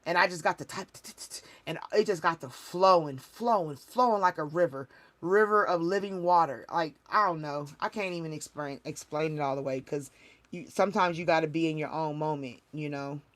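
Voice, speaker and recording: A woman's voice: deep voice, a little fast, fairly bright tone. Woman sharing a heartfelt spiritual testimony. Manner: emotional, repetitive, heartfelt storytelling with many restarts. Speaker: spiritual reader, livestream host. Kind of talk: casual livestream testimony.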